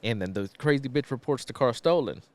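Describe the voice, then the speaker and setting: A man's voice: mid-range voice, brisk, no echo. A man co-hosting a podcast, casually retelling a movie plot in a laid-back, profane way with lots of fillers. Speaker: podcast co-host.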